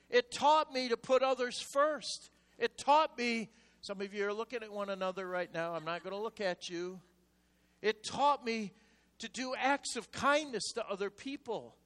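An older man preaching a sermon, telling stories in a hushed voice and then rising into loud exhortation. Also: sits high. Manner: animated storytelling, swinging from hushed asides to loud exhortation. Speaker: pastor. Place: church sanctuary. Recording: long reverb of a large hall.

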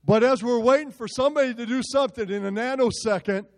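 A male pastor telling a story in a sermon, animated and self-mocking. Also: very high-pitched, fast.

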